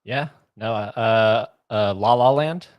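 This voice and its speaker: A man hosting a podcast interview over a video call, easygoing and quick to laugh, with short replies between questions. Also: lowish voice, smooth, no room sound, muffled recording. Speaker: podcast host. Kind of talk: casual interview chat.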